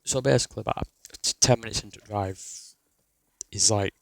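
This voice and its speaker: A man's voice: fairly low pitch, steady tone, moderate pace, creaky, dry recording, poor audio. A young man, telling a rambling, sweary personal story in a casual way. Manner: rambling, sweary, restarts a lot.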